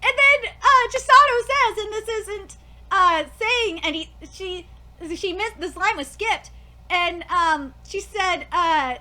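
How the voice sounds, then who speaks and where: A woman giving a casual anime review, gushing and excitable, swearing and laughing often, rambling with lots of fillers. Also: very high voice, slow pace. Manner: rambling with many fillers and restarts.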